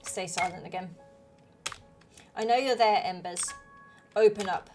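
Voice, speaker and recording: A woman's voice: medium pitch, quick pace, close to an everyday voice. An impatient monster in a game, copying a father's stern commands in a firm, raised voice, as a woman reads it aloud. Faint music runs under the speech.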